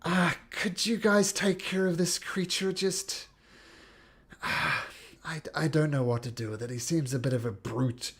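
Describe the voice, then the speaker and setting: A man's voice: a little high, steady tone, a little slow, a bit bright, husky, voice pushed up, exaggerated voice. A man voicing a tired but kind woman caretaker in a tabletop game, sighing and pleading. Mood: weary. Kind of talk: tabletop role-play voice.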